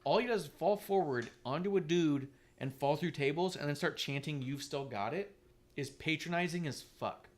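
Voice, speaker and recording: A man co-hosting a casual talk stream, animated and profane, who often mimics others in a mocking voice. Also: fairly high pitch, moderate pace, hardly any pauses. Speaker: podcast co-host. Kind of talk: casual chat. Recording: online stream.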